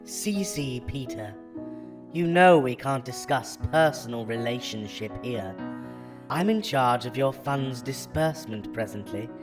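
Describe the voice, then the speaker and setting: A man's voice: mid-range voice, animated, measured pace, lightly acted. A man voicing a female scammer posing as a bank agent, reading her emails in stiff, formulaic phrasing over faint music. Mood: stiffly formal. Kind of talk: reading scam emails aloud.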